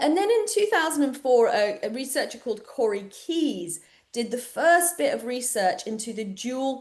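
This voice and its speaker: A British woman walks through a topic in an online webinar. Her voice sits a little high for a woman, and her talk stays conversational, with fillers and restarts. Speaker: webinar presenter.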